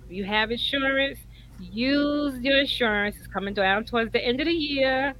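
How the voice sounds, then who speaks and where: A woman, co-hosting a casual chat and giving earnest, animated advice. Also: high voice, normal speed, poor audio. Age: 50s. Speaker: co-host.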